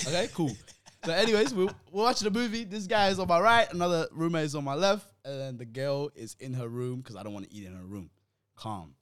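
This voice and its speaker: A young man telling a story in casual podcast chat, animated and slang-heavy, often laughing. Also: mid-range voice.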